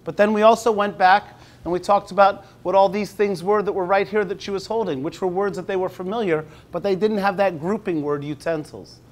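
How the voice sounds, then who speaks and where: High-voiced male teacher presenting. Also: steady tone, slight background noise. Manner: conversational, with restarts; slows down when reading aloud. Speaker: teacher presenting at a university talk. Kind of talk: conference presentation.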